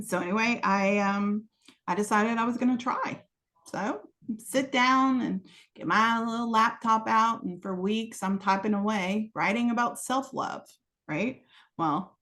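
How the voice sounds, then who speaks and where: A woman's voice: medium pitch, fairly bright tone. A woman guest on a podcast, telling a personal story in conversation, acting out the dialogue in it and laughing often, with many "you know" asides. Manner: frequent laughter while telling.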